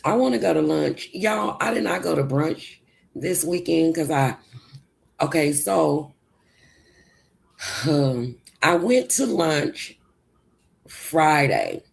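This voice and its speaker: A woman's voice: low voice, expressive, slow, creaky, pauses often. A woman with a Southern US country accent, chatting casually on a livestream and answering her chat in a rambling way. Her voice sounds sleepy, as if she just woke up. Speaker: livestream host.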